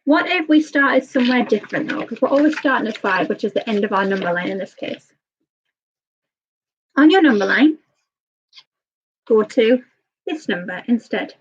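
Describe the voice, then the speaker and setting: A woman's voice: on the high side, expressive, breathy edge. A woman teaching a live online maths lesson to young children, patient and a little nervous, checking in with "okay?" often. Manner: patient, repeats "okay?" often, talks a bit fast and nervous. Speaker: early years teacher. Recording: slightly dull lo-fi sound.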